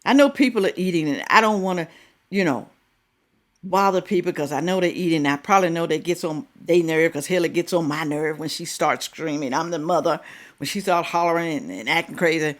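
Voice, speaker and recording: A woman's voice: sits low, brisk. A middle-aged woman hosting a reaction video, giving casual commentary and firing rhetorical questions at her viewers.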